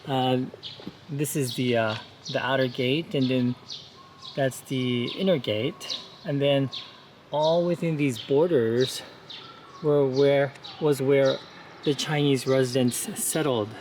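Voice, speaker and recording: Slow-paced and mid-range, this travel vlogger's voice carries slight background noise from the city streets he's touring outdoors. He explains the sights in a relaxed, informative style, with plenty of "uh" and "you know" fillers.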